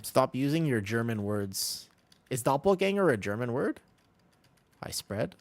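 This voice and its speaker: A man's voice: medium pitch, sing-song, unhurried, no room sound. A man streaming a game, chatting casually with his chat, joking and answering questions.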